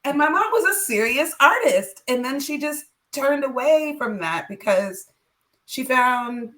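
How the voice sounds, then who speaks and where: A woman musician appearing as a guest, chatting in a relaxed way and laughing easily. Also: high-pitched, a little slow. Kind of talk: casual chat.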